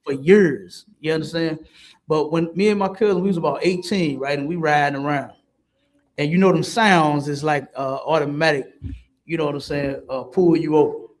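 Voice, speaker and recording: Animated high-voiced man telling stories. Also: moderate pace. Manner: animated storytelling with street slang. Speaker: podcast co-host. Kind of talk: casual chat.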